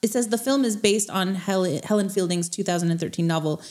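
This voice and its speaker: A young woman co-hosting a podcast in casual chat, reading headlines aloud and adding quick asides. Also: medium pitch, a little mellow. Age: young adult. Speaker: podcast co-host.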